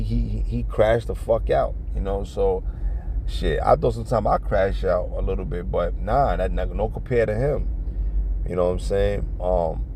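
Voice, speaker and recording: Gravelly streetwise man preaching. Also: on the low side, dark tone, slight background noise. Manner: profane, streetwise, fills talk with "man" and "you know what I'm saying"; earnest religious exhortation. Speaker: vlogger giving life advice. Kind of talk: casual storytelling and preaching.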